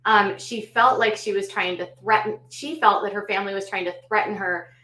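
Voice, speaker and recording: A woman host recapping a story and adding her own commentary, in a measured way with frequent ums and self-corrections. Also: medium pitch, steady tone, pushed and bright. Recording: echoey room, voice a bit off the mic.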